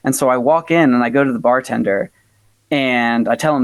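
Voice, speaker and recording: An American folk-punk musician with a mid-range voice talks fairly quickly in a casual interview, recorded with no room sound. He tells a story animatedly, using lots of filler words and acting out the people he quotes.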